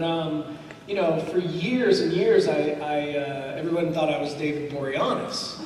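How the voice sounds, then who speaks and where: Laughing man telling stories in a hall. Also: sits high. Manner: animated anecdotes with quoted voices and laughter. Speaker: convention panel guest. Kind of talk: storytelling at a fan panel. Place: large convention hall. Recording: echoey hall mic from far off with noise.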